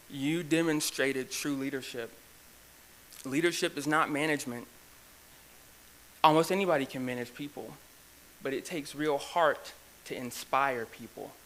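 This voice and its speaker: A man's voice: mid-range voice, fairly bright tone, a little hiss or hum. A young man, a student government president, giving an emotional, heartfelt speech at an awards ceremony, nervous and near tears, speaking in a repeating cadence. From United States. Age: young adult. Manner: heartfelt, repetitive cadence, laughs at own jokes. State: shaking with nerves, near tears. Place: university event room.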